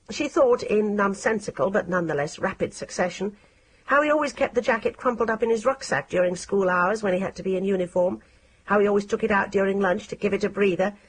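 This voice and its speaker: A woman narrating an audiobook in a measured, expressive reading style. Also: mid-range voice, breathy edge.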